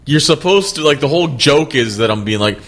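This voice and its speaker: A man's voice: fairly high pitch, lively intonation, a little fast, a bit bright. A young man co-hosting a podcast, rambling and swearing in casual chat. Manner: rambling, profane, many restarts. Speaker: podcast co-host.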